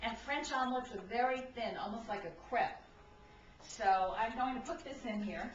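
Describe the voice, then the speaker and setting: Picked up from across her home kitchen by a camcorder mic, a middle-aged woman from Brooklyn chats her way through a casual cooking demo, regularly checking in with "okay?". Her fairly high voice moves at a moderate pace, and the audio is echoey, far off, slightly dull, with faint background noise.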